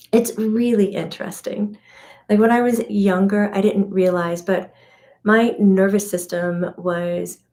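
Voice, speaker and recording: Chatty woman teaching with a warm voice. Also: medium pitch. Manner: chatty, laughs often, acts out scenes. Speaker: spiritual medium and channel host. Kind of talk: casual spiritual teaching to a live audience.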